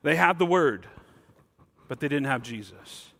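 A man preaching a sermon as pastor, emphatic, swinging between loud stressed words and quiet, low asides. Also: expressive, measured pace, gravelly.

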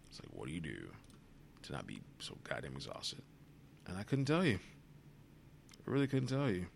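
A man's voice: a bass voice, expressive, brisk, gravelly, long pauses, slight background noise. A worn-out young man hosting a solo podcast, rambling wearily and swearing freely, sometimes dropping to a whisper. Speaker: podcast host. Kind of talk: solo reflective monologue.

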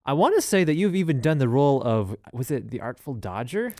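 A man's voice: mid-range voice, sing-song, brisk, a little mellow, no echo, studio quality. A man from Iowa hosting a casual chat, joking and laughing often. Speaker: podcast host.

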